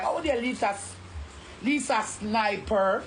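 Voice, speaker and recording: A woman's voice: fairly high pitch, lively intonation, normal speed, soft background music. A woman with a Jamaican accent ranting angrily on a live stream, repeating herself and cursing often. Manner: angry, repetitive, cursing. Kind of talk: heated live-stream rant.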